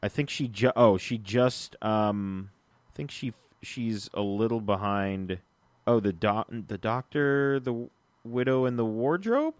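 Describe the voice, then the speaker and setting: A man with a fairly low voice hosting a casual podcast chat. He rambles along easily, full of fillers and restarts. The sound is dry and close, with no room around it. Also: a little slow, dry recording. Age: adult, uncle of a three-year-old. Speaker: podcast host.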